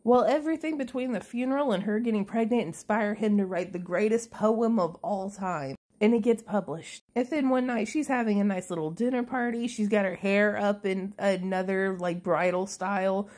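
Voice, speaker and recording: A woman's voice: medium pitch, moderate pace, hardly any pauses, darkish tone. A woman recapping a movie in a casual, chatty way, sarcastic and full of swearing.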